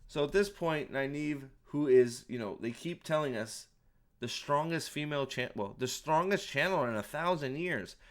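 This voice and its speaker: With a fairly high, animated voice at a normal pace, a man reacts to a show as a reviewer. His commentary over the playback is casual and sarcastic, mocking scenes and full of free swearing.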